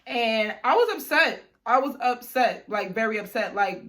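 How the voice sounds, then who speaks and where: A woman's voice: on the high side, animated, moderate pace, hardly any pauses, fairly bright tone. A young woman vlogger telling a personal story in a casual storytime, chatty and slangy with lots of "like" and "you know".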